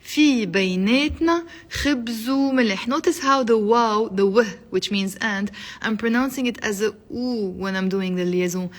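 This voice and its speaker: Higher-voiced woman teaching a live lesson. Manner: repeats phrases slowly, coaxes viewers to say them aloud. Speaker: Arabic teacher. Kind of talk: live online language lesson.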